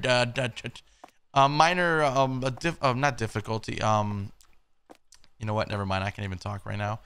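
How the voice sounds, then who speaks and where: A man's voice: medium pitch, steady tone, normal speed, fairly bright tone, a little hiss or hum. A young man playing a horror game, reacting with nervous jokes, swearing and startled outbursts. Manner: jumpy, swearing, nervous joking. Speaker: gaming YouTuber. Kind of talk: horror game let's play commentary.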